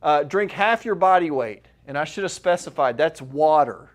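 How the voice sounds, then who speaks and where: A man's voice: on the high side, animated, moderate pace. A middle-aged man, a chiropractor, giving a live seminar talk to an audience in a room, conversational and full of rhetorical questions.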